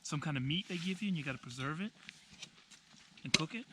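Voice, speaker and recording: A man's voice: a little high, expressive, a little fast, heavy background noise. A man chatting casually at a winter campsite, telling training stories with easy laughs. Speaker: vlogger. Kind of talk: casual chat. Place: snowy winter campsite outdoors.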